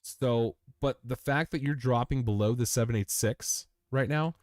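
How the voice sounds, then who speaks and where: This young host of a crypto chart stream talks at normal speed with a medium-pitched voice, in studio quality without echo. He goes through price charts casually, repeating phrases, calling the chart "you" and listeners "man", "dude" and "bro".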